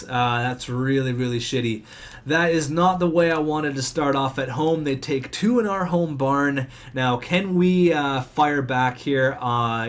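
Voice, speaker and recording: Young male gamer, slightly high voice, fast animated play-by-play commentary, cheers and groans. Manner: talks fast. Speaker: gaming commentator. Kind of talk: excited let's-play commentary.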